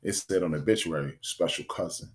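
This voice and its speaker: A man, co-hosting a casual talk show and telling an animated story. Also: low-pitched, fast. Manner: storytelling, animated, acts out quotes. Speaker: podcast co-host. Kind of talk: casual chat.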